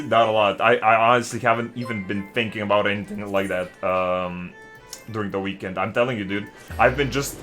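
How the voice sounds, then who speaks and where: A man live-streaming to his chat from his desk at home, ranting in a casual, constantly swearing way with loud, agitated outbursts. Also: mid-range voice. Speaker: game streamer.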